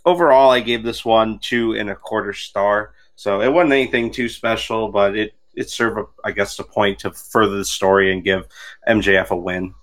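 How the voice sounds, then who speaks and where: A man's voice: fairly low pitch, steady tone, normal speed, fairly bright tone. A man co-hosting a podcast in casual chat, laid-back and hesitant with ums. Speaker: podcast co-host.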